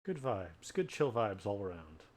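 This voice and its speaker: A man's voice: fairly low pitch, sing-song, a little slow, noisy background. A man chatting casually and joking while playing a game with friends. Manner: joking, laid-back. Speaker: let's play co-host. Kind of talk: casual chat over a game. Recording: music under voice.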